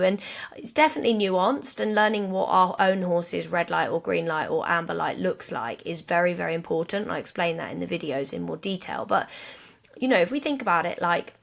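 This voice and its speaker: A woman co-hosting a casual podcast chat, animated and acting out little quoted voices as she explains. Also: fairly low pitch, moderate pace, gravelly. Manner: animated, acts out horse and people voices in quotes. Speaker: podcast co-host.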